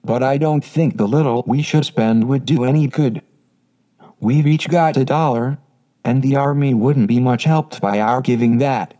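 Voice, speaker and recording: A man reading the lines of a bold, bookish teenage girl in an even, unacted synthetic voice. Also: mid-range voice, normal speed, lo-fi sound, natural voice.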